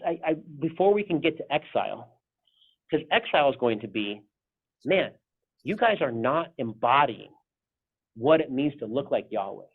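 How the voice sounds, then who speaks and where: A male pastor leading a casual Bible study discussion, rambling with frequent restarts. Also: mid-range voice. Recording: tinny phone-like sound.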